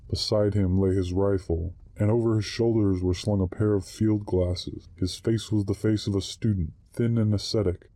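A man reading a short story aloud in a slow, measured narration. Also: low-pitched, mellow, no echo.

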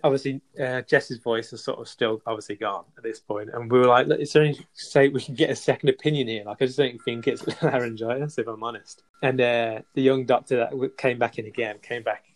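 Young man, casual podcast chat, rambling with restarts, mid-pitched voice. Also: fairly even intonation, a little fast, few pauses. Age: young adult. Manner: rambling storytelling with laughs and restarts. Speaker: podcast co-host.

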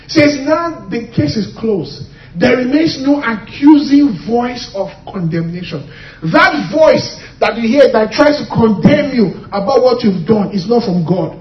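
A man's voice: extremely high pitch, echoey room, distant mic, highs cut off. A man preaching a sermon, emphatic and leading the congregation in call-and-response. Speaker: pastor.

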